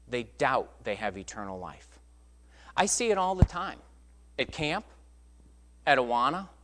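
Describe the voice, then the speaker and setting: A male preacher delivers a sermon in a conversational, storytelling way. His pitch swings widely as he drives his points home. The delivery is emphatic and direct. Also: a bit bright.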